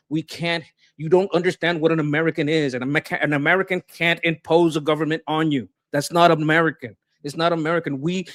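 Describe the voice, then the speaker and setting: Brief: fired-up male political commentator, slightly high voice, dry close mic, rants and swears. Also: no echo. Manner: impassioned, swearing, repeats words when worked up. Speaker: co-host. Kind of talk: heated political discussion.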